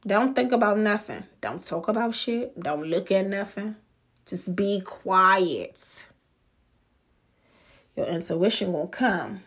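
Blunt, profane woman speaking slowly. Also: medium pitch, a bit bright, breathy edge. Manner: blunt, profane and emphatic, drawing out key words. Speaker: podcast host. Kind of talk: motivational monologue.

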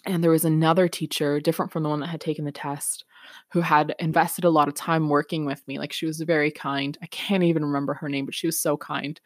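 Candid low-voiced woman podcaster. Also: little pitch movement, quick pace, dry recording, studio quality. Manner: candid, reflective, chatty with many "like"s. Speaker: podcast host. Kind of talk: personal storytelling and motivational talk.

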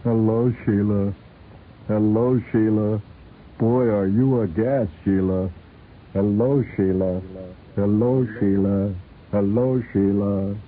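Man doing a slow, mechanical talking doll. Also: fairly low pitch, steady tone, phone-quality sound. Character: talking novelty gift doll with a button.

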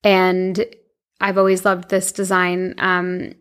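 A woman's voice: on the low side, monotone, takes it slowly, smooth. A young woman in her twenties casually telling a personal story to her viewers, chatty and emotional, with many fillers and restarts. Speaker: vlogger.

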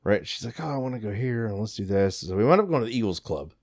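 Talking fast, this thirty-something man spins an excited, profanity-laced story in casual conversation, switching to high-pitched voices to quote others.

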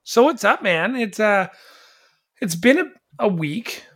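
A man's voice: high-pitched, big pitch swings, takes it slowly, a bit bright. A man co-hosting a podcast in casual, jokey chat. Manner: easygoing, jokey. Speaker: podcast co-host.

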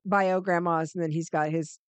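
A woman's voice: lowish voice, steady tone, moderate pace, clear, resonant tone, dry recording. Laughing grandmother podcast cohost. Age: older. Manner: laughs often, eager backchanneling, warm anecdotes. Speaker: podcast co-host. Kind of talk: casual chat.

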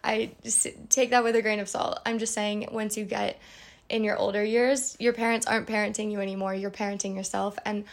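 A woman's voice: medium pitch, flat delivery, brisk, creaky. A young woman hosting a podcast, answering listener questions in a chatty, candid way with playful asides. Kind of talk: casual advice chat.

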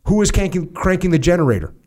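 A furious army officer barks question after question, his voice pushed up high and taut with rage, as a man reading aloud puts him on. He rants and cuts off every reply, bullying and relentless. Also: animated, fast talker. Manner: ranting, shouting down interruptions. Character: furious middle-aged male army commander, bullying.

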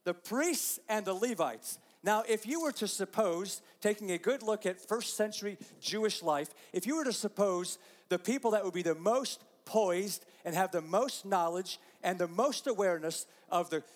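A pastor giving a conversational sermon, dropping to soft, slow asides and rising to loud, emphatic lines. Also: male voice, high voice, lively intonation, long reverb tail. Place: church sanctuary.

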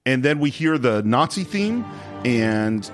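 A man hosts a casual film podcast in a middle-pitched voice that swings widely in pitch. He laughs often and slips into acted movie lines as he talks. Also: big pitch swings, slow, music in the background. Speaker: podcast host.

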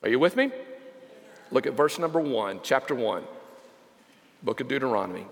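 A man's voice: medium pitch, animated, normal speed, long pauses, long reverb tail. A man preaching a sermon as pastor, emphatic and repeating key phrases, reading scripture aloud.

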